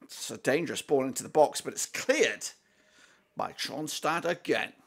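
A man hosting a live football watchalong, commentating excitedly as a fan, with swearing, fillers and restarts. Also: medium pitch, normal speed, gravelly.

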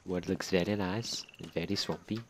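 A young Australian man joking and swearing through casual gameplay commentary, with sudden loud outbursts. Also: deep voice, steady tone, moderate pace. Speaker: gaming channel host. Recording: loud game gunfire and noise behind.

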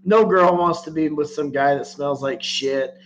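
A man's voice: a little high, moderate pace, a bit bright, muffled recording, slight background noise. A man hosting a casual livestream, talking bluntly and crudely to his viewers and laughing often. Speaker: livestream host.

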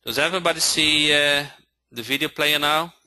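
A man teaching a live online training, speaking haltingly and often checking in with his listeners. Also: on the high side, pushed and bright. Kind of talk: live webinar instruction.

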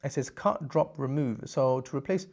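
A man presenting a screen-recorded software tutorial, explaining step by step in an upbeat way with frequent check-ins. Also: mid-range voice, normal speed, vocal fry.

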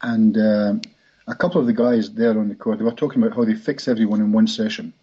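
A man's voice: fairly low pitch, flat delivery, quick pace, dark tone, breathy edge. A man, a hypnotist guest telling rambling anecdotes in a podcast interview. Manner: rambling anecdotal, frequent restarts. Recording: dull lo-fi recording.

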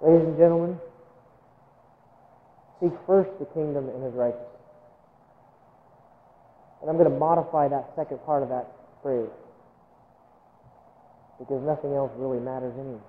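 A man's voice: mid-range voice, steady tone, moderate pace, long pauses. A man preaching a sermon as a missionary, telling a story in an earnest, emotional way and often repeating words when moved. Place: church sanctuary. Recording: tinny phone-like sound with long hall reverb.

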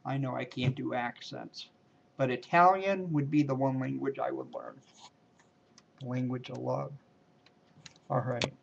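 A man with a medium-pitched, gravelly voice and fairly even intonation does a card trick on camera, talking casually and joking as he goes. His playful delivery draws out emphatic words, and the dull, lo-fi home video carries a little hiss or hum.

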